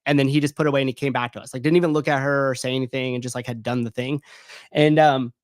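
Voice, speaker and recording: A man's voice: medium pitch, fairly even intonation, quick pace, no room sound, clean studio sound. A man in his thirties, a gym owner, telling a personal story in a loose, candid way, full of fillers and swearing. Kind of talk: casual storytelling.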